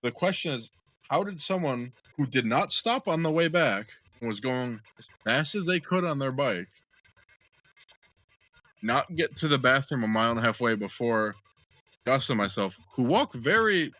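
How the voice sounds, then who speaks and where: A young man co-hosting a podcast, telling a long crude anecdote in an animated, joking way. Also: medium pitch, normal speed, no echo. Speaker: podcast co-host. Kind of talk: casual storytelling chat.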